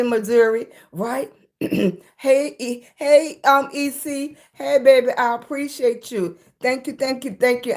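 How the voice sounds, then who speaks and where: A woman's voice: medium pitch, darkish tone. A middle-aged woman hosting a casual livestream from her room, chatting and greeting viewers by name, often calling them baby. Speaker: livestream host.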